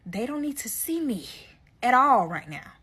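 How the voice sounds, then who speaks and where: A woman's voice: on the high side, sing-song, moderate pace, sharp tone, slightly rough. A woman telling a dramatic personal story to her listeners, profane and emphatic, talking straight to them. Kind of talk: casual storytime monologue.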